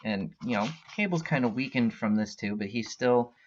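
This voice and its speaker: A man's voice: mid-range voice, lively intonation, normal speed, a little hiss or hum. A man hosting a casual comic book recap, retelling the story in a rambling way with many fillers. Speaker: comic book podcast host. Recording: dull lo-fi recording.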